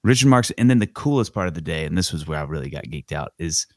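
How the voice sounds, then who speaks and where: A man in his forties hosting a podcast, telling stories in an animated, enthusiastic, casual way. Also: deep voice, fast, no echo, studio quality. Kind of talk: casual storytelling chat.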